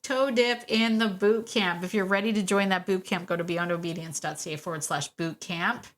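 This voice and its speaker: A woman hosting a solo podcast about dog training, chatty and warm, laughing often and repeating phrases for emphasis. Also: on the low side, steady tone, normal speed. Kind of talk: casual solo podcast talk.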